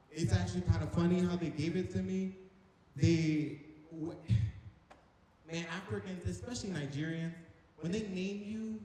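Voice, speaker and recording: Playful young stand-up in an echoing hall. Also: male voice, on the high side, warm tone. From North Carolina. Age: young adult. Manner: playful, chatty, audience-teasing. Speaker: stand-up comic. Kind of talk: stand-up comedy. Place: large echoing hall on stage. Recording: echoey hall reverb.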